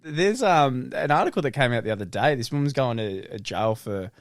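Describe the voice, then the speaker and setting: Lively, laughing Australian young man. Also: mid-range voice, fairly quick, dry recording, studio quality. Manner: sweary storytelling, laughs often. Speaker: podcast co-host. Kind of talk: casual podcast banter.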